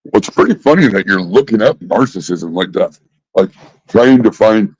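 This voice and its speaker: A man in a casual vlog rant, exasperated and heavy on the swearing as he circles back to the same points. His voice sits at an ordinary middle pitch. The sound is dry, with no room echo. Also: expressive, normal speed, long pauses, darkish tone, breathy edge. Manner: exasperated, profane, repeats himself. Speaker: vlogger.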